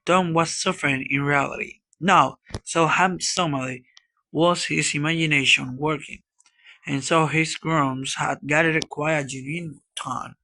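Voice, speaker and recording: A man narrating a classic children's storybook in a slow, measured reading. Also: on the high side, gravelly, pushed and bright. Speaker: audiobook reader.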